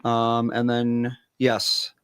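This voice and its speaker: A man in a casual panel chat, reading facts aloud in a drawn-out way. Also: mid-range voice, completely flat delivery, smooth, dry recording.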